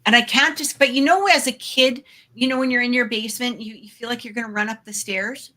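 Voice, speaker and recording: A woman's fairly high, sharp-toned voice moves briskly with fairly even intonation as she co-hosts a paranormal talk show. Recounting a personal story, she's chatty and full of fillers and asides, quick to laugh.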